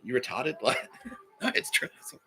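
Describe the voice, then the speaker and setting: Aussie guy ranting on his comedy podcast, swears a lot, chuckles through it, bright voice. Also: normal speed, poor audio. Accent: Australian. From Australia. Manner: profane, laughs mid-sentence, restarts often. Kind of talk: rambling comic monologue.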